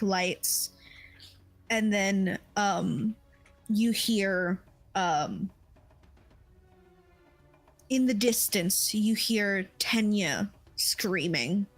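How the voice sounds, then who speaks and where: A young woman narrating a tabletop game as game master, halting and full of fillers. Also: medium pitch, no room sound, poor audio.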